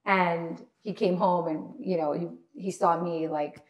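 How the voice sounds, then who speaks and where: A woman's voice: lowish voice, steady tone, measured pace. A woman guest on a podcast, telling a personal story in an emotional, earnest way. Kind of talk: personal account in conversation.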